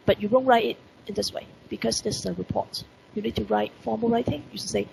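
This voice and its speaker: Gravelly Hong Kong teacher woman. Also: a little high, quick pace, a little mellow, slight background noise, low-quality recording. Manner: repeats rhetorical questions, stresses key words. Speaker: English teacher. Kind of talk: online lesson explaining report writing. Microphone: computer mic on video call.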